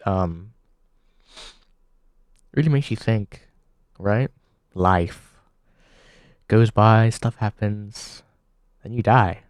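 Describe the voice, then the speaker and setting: Slow deadpan man, low dry voice. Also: no room sound. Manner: deadpan, halting, with many pauses and restarts. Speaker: comedy show host. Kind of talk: deadpan comedic monologue.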